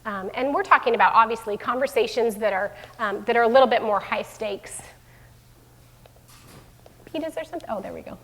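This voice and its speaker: A middle-aged school division head gives a live parenting talk to a room of parents, chatty and unscripted, full of fillers and self-corrections. Her voice sits a little high and moves fairly quickly with long pauses, and she comes across as warm. The recording has a long hall reverb.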